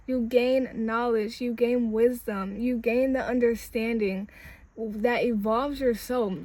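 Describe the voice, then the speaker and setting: A woman's voice: fairly high pitch, a little mellow. A young woman giving an inspirational spiritual message in a casual, conversational way, building emphasis through repetition. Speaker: spiritual speaker.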